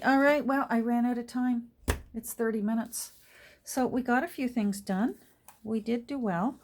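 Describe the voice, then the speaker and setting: A middle-aged woman chatting casually while she crafts at home, rambling along and murmuring soft asides to her materials. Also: fairly high pitch. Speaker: junk journal crafter and vlogger.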